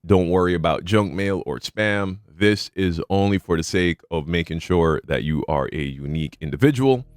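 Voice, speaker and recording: A male reaction video host talking casually, sardonic at times and earnest at others. His voice is very low. The recording is dry and close, with no room sound. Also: normal speed, no room sound. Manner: sardonic, then earnest and pleading. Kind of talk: casual commentary.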